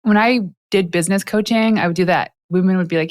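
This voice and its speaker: A woman hosting a podcast interview, telling lively personal stories and laughing often. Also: fairly low pitch, quick pace, few pauses, dry recording, studio quality. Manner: animated storyteller, laughs often. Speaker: podcast host. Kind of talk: casual interview chat.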